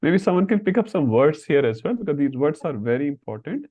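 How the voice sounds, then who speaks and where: A man's voice: on the high side, big pitch swings, a little fast, warm tone. A man teaching an online scripture class, patiently calling on students by name over a video call. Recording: dull lo-fi call audio.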